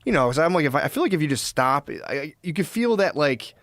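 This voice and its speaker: A man's voice: a little high, lively intonation, quick pace, a bit bright, no room sound, clean studio sound. A young man, a comedian guest, chatting casually and rambling with frequent restarts and swearing. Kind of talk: casual chat.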